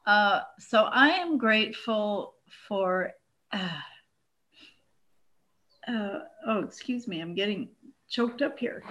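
This woman speaks slowly on a group video call, hesitant and soft-spoken. She pauses a lot and sounds earnest. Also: medium pitch, dull audio. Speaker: circle participant. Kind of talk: casual sharing.

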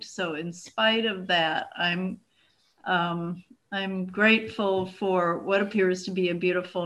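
This woman speaks slowly on a group video call, hesitant and soft-spoken. She pauses a lot and sounds earnest. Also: on the low side. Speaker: circle participant. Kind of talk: casual sharing.

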